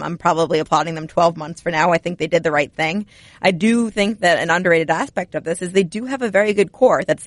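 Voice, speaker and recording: A woman co-hosting a hockey podcast, chatting casually and telling stories with lively energy. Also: on the low side, no room sound. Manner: chatty, animated storyteller. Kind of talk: casual sports chat.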